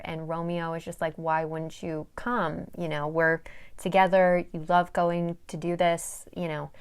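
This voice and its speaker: A woman's voice: on the low side, clear, resonant tone. A young woman casually recapping a novel's plot, chatty and dramatic, swearing and making asides, sometimes reading passages aloud. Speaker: book summary vlogger.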